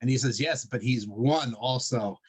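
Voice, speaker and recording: A man's voice: medium pitch, moderate pace, breathy edge, close to an everyday voice. A scheming priest explains his defeat in the speaker's own easy storytelling voice, as a man retells a joke. There is little change from ordinary talk. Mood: explaining.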